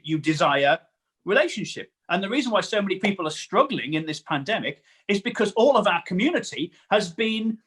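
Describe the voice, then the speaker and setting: A man's voice: a little high, fairly bright tone, slightly rough. A man preaching a sermon in an earnest way, often repeating words for emphasis.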